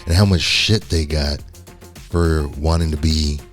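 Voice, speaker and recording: A man's voice: very deep voice, fairly even intonation, measured pace, faint music behind. A man co-hosting a podcast in casual chat, frank and joking with slangy turns of phrase. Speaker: podcast co-host.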